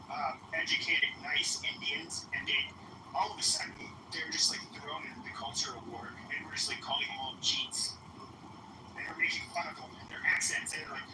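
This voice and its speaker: Soft-spoken man rambling on a livestream. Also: on the high side. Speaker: livestream host. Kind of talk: casual livestream chat. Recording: echoey, distant, noisy stream audio.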